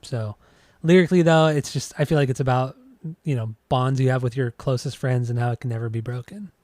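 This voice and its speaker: A man co-hosting a podcast, chatting casually and enthusiastically about music, often rambling and restarting his sentences. His voice is mid-pitched and mellow, warm rather than bright. The recording is dry and close. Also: fairly quick, no echo. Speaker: podcast co-host. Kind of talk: casual music review chat.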